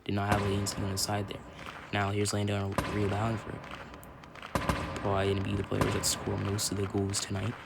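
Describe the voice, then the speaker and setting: A young man doing casual play-by-play commentary for an online hockey league on his phone, rambling and correcting himself, then shouting when someone scores. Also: lowish voice, a little fast, creaky, heavy background noise. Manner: rambling, self-correcting, bursts into excited shouts on goals.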